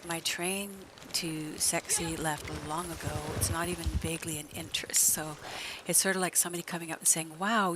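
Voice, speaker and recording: A woman in her late fifties, streaming a game and chatting in a soft, half-whispered, slow and gentle way. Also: low-pitched, background noise. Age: 50s. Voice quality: even, gentle delivery. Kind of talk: casual chat while gaming.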